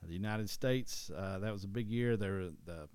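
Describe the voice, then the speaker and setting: Here a deep-voiced East Tennessee man with a Southern accent talks history in a casual, podcast co-host style, wandering off, starting sentences over and fixing his words mid-thought. He speaks at normal speed, sounds a little mellow, and the audio is clean with no echo.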